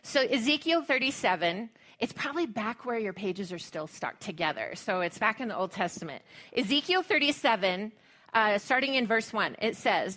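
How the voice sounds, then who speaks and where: A woman's voice: medium pitch, expressive, moderate pace, pushed and bright. A middle-aged woman pastor, preaching a sermon in a chatty, humorous way and reading scripture aloud.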